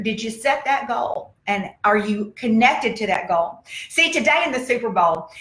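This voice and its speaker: Woman, motivational speaker, emphatic and repetitive, slightly high voice, echoey room. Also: a bit bright. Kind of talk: motivational talk. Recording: roomy echo.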